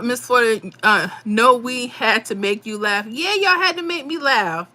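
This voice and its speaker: A woman's voice: on the high side, animated, normal speed, hardly any pauses, pushed and bright. A woman hosting a live stream, casually chatting with viewers and reading their comments, laughing often. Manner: chatty, laughs often, Southern-style speech. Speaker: livestream host reading chat.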